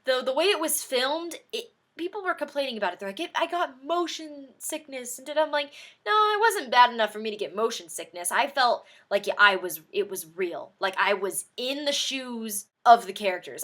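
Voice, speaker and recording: A young woman vlogging an excited movie reaction, gushing and animated, with sudden high outbursts.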